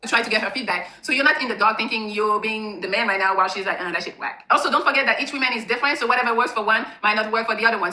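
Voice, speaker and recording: A woman's voice: a little high, bright, forceful tone, echoey room. A woman giving blunt, profane how-to advice, demonstrating as she explains. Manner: frank and profane, demonstrating with hands. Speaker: sex-advice presenter. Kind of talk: blunt instructional talk.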